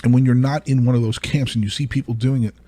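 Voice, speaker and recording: A man hosting his own podcast, talking alone in an animated, exasperated way, often restarting his sentences and laughing between points. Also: medium pitch, fast talker. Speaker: podcast host. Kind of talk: solo commentary monologue.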